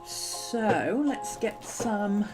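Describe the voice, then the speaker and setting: A woman's voice: mid-range voice, expressive, very slow, music in the background. A woman hosting a planning and journaling video, chatting casually and rambling as she works. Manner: chatty, rambling, self-amused. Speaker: planner and journaling channel host. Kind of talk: casual crafting chat.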